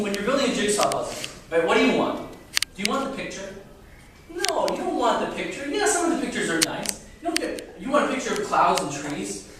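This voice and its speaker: A man's voice: sits high, noisy background. A young man giving an informal class to students, chatty and full of rhetorical questions, often stumbling and repeating himself. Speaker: student lecturer. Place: classroom with a live audience. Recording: echoey room, voice from far off.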